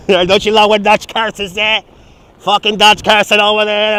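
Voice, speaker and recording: Profane high-voiced New streamer. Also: male voice, level tone, a little slow, sharp tone, clean tone. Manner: rambling, profane, laughing, reads out viewer chat. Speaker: live streamer. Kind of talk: casual walking livestream chat. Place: outdoors at a seaside amusement park. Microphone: phone on a handheld gimbal.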